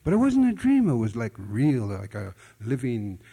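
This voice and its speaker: A man preaches in a folksy, storytelling way, often repeating his words and using plain, loose grammar. His voice sits at an everyday mid pitch. It rings with the long reverb of a church hall. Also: wildly swooping pitch, moderate pace, gravelly, dark tone, husky. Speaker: pastor. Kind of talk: sermon storytelling.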